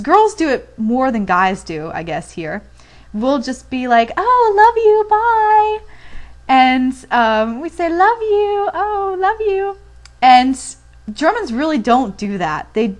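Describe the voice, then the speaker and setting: A young woman from the United States giving a chatty pronunciation lesson on video, with frequent fillers. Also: on the high side. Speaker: language teacher.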